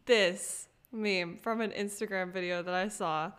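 A young woman co-hosting a casual book podcast, reasoning through her view with quick giggles. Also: mid-range voice, fairly even intonation, fairly bright tone, clear, resonant tone. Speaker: podcast co-host. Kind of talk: casual book club chat.

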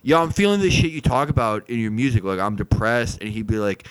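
A man plays a clueless, crude influencer host who rambles and swears, his voice smooth and resonant. It sounds dry and close, and he climbs higher and louder whenever he gets worked up. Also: expressive, brisk, no room sound, lightly acted, rough recording. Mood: deflated. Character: male clueless influencer host, mid-twenties, crude and self-absorbed. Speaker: podcast host. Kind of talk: improvised comedy podcast, deadpan parody.

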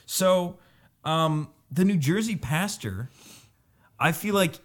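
Playful young man, slightly high voice. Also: lively intonation, slow pace. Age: late 20s. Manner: playful, joking, rambling. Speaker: podcast co-host. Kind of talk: casual chat.

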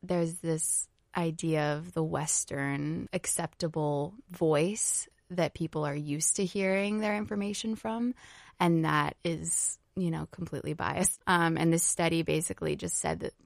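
Podcast host, woman, lowish dry voice, measured and thoughtful. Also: steady tone, creaky, no echo. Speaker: podcast host presenting her research. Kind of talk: casual explanatory chat.

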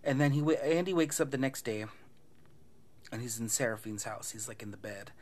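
A man's voice: medium pitch, a little fast, a little mellow. Man casually retelling a film plot. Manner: loose, profane storytelling, acting out the lines. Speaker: podcast host recapping a film. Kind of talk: casual movie recap.

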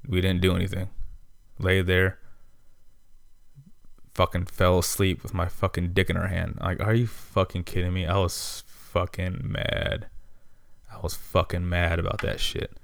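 A man's voice: low-pitched, vocal fry, smooth, dry recording. A man hosting a podcast, ranting casually with heavy profanity and heated complaints. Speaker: podcast host. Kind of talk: casual monologue rant.

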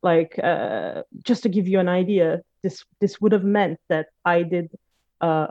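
A woman's voice: lowish voice, fairly even intonation, measured pace, warm tone. A woman in her late twenties telling a personal story in casual conversation, hesitant, with many fillers and restarts. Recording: dull lo-fi recording.

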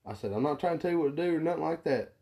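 A man's voice: on the high side, expressive, very fast, gravelly, warm tone. A young man telling a rambling, profanity-heavy story about his factory job in casual chat, acting out the people he quotes. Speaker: podcast co-host.

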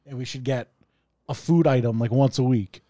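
A man co-hosting a podcast in casual, profane chat, animated and often restarting his sentences. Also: mid-range voice, normal speed, no echo, clean studio sound. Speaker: podcast co-host.

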